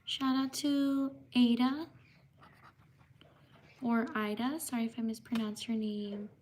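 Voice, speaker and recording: A woman hosting a livestream, reading out viewers' names slowly and apologizing when she might have mispronounced them. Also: on the high side, steady tone, a little hiss or hum. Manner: slow, apologetic, drawn-out shout-outs. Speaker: livestream host. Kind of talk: livestream shout-outs.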